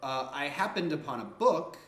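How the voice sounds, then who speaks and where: A man's voice: a little high, normal speed, roomy sound, soft background music. A man giving casual, joking, slangy gameplay commentary as a streamer. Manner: animated, joking, slangy and profane.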